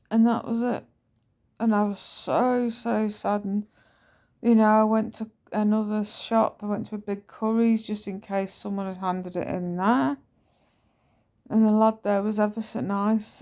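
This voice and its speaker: A woman's voice: mid-range voice, level tone, a little slow, darkish tone. A woman telling a personal story in a casual, rambling vlog. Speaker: vlogger.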